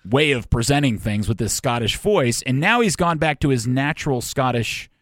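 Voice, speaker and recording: A man's voice: medium pitch, expressive, normal speed, no echo, clean studio sound. Joking male sports talk co-host. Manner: joking, self-mocking storyteller. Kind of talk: casual sports talk chat.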